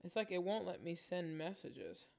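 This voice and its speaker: A woman's voice: on the low side, very animated, normal speed, creaky, darkish tone. A woman hosting a casual vlog, talking straight to her viewers in an exasperated way. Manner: exasperated, talks to viewers as y'all. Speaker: channel host. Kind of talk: casual live vlog commentary.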